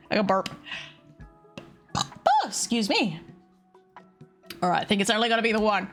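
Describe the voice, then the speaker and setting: A woman streamer giving live gameplay commentary, excitable and foul-mouthed, often talking straight to the characters in the game. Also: mid-range voice, normal speed, long pauses. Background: faint game music.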